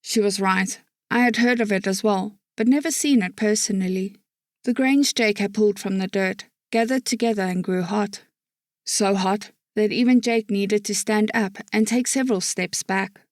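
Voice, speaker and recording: A woman's voice: mid-range voice, moderate pace, dry recording. Woman narrating a story, dry mic. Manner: steady storytelling. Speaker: audiobook narrator. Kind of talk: scripted narration.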